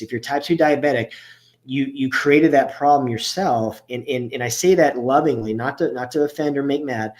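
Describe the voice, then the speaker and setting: A man giving a casual, conversational health workshop as a chiropractor, often restarting his sentences and stressing his key points. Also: mid-range voice. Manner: casual and conversational, with frequent restarts and filler words. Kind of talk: informal health workshop talk.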